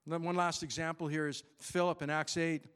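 A man delivering a lively church sermon in a fairly high voice. He talks conversationally, swinging between hushed earnest moments and excited outbursts, and slips into quick character voices for the people in his stories. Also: clean tone. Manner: animated, conversational preaching with voiced Bible characters. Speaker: pastor.

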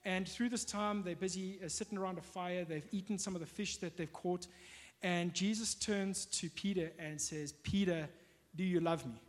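A man preaching a sermon in a conversational way, often pausing on fillers and restarting his sentences. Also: high-pitched, steady tone. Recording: long hall reverb.

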